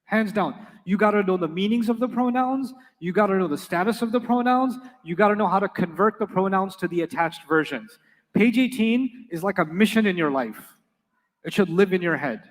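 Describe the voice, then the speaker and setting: A man's voice: sits high, expressive, a little fast, long reverb tail. A man teaching Arabic grammar to a class, emphatic, repeating key points and quizzing his students.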